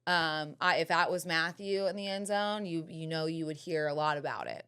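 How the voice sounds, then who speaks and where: A woman in her thirties hosting a podcast, chatting casually with frequent restarts and quick laughs. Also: low-pitched, a bit bright, clean tone. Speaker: podcast host. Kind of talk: casual chat.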